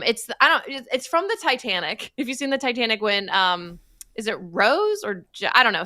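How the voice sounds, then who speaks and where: A woman's voice: medium pitch, sharp tone, no echo, clean studio sound. A woman co-hosting a podcast, talking casually with many fillers. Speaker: podcast co-host. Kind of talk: casual commentary chat.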